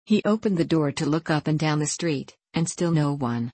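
Woman narrator, low voice, dry close recording. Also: animated, moderate pace, warm tone, breathy edge, no echo. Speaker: audiobook narrator. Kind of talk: storybook reading.

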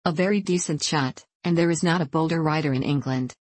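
A bluff middle-aged country squire, as a woman narrator reads him, hearty and blunt. His voice sits low. The sound is dry and close. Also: a little fast, darkish tone, no echo. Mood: jovial.

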